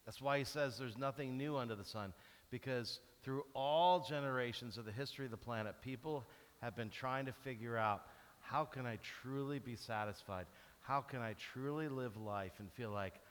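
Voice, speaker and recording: Bright-voiced pastor in a reverberant church. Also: male voice, medium pitch. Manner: animated storytelling, acts out cheering and groaning. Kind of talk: sermon. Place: large church hall.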